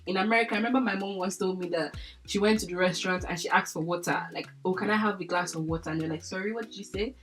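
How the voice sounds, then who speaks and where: Young Nigerian woman, casual vlogger, mid-pitched, chatty and animated, light music underneath. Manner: chatty, animated, laughs often, many fillers like "like". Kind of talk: casual chat to camera.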